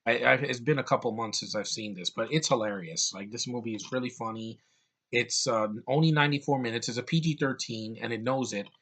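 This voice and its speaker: A young man giving a casual, opinionated movie review, blunt and ranting, swearing freely and repeating words when excited. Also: mid-range voice, brisk.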